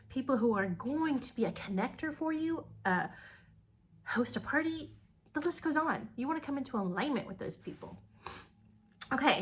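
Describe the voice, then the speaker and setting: A woman's voice: a little high, a bit bright. A woman giving an upbeat motivational talk to her direct sales team, repeating words for emphasis.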